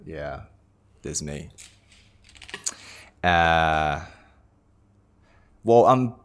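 A man's voice: very deep voice, expressive, very slow, a bit bright, clean tone. A man in his twenties from Japan, a native Japanese speaker with a British-tinged English accent, chatting loosely about himself with repeated words and jokey asides. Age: 20s. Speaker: lifestylist introducing himself. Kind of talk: casual self-introduction talk.

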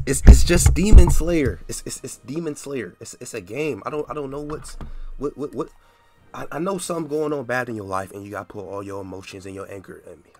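Young man with lively, incredulous commentary. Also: medium pitch. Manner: incredulous, repeats himself, stammers. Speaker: gaming video creator. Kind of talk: casual gameplay commentary.

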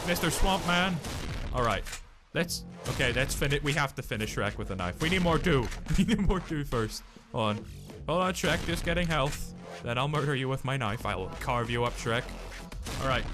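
A young man doing goofy, shouty let's-play commentary, laughing often. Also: mid-range voice, lively intonation, normal speed, over music. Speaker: gamer.

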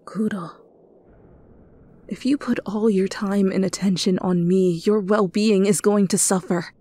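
A woman voicing a worried friend who pleads softly in a whispered role-play. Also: mid-range voice, fairly even intonation, measured pace, close to an everyday voice. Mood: pleading.

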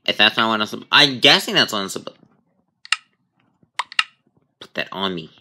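Bright-voiced jumpy male gamer. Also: on the low side, lively intonation, moderate pace. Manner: jumpy, exclaims often, thinks aloud. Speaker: gaming channel host. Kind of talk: let's play commentary.

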